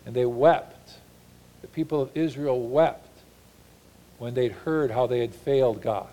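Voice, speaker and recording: This sermon comes from a pastor whose voice is mid-range and whose tone is earnest. He puts on mock voices for paraphrases, and on key points he slows down and grows softer.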